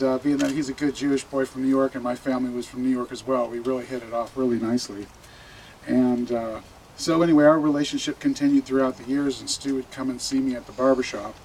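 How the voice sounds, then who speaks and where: A man who works as a barber, speaking at a memorial gathering, telling anecdotes with many fillers and pauses. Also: medium pitch, a little mellow, poor audio. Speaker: barber giving a eulogy. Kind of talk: memorial speech. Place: funeral gathering room.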